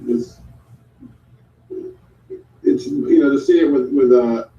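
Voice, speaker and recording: A man co-hosting a casual chat, talking haltingly with many restarts. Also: medium pitch, mellow. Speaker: co-host. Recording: dull, echoey sound from far off.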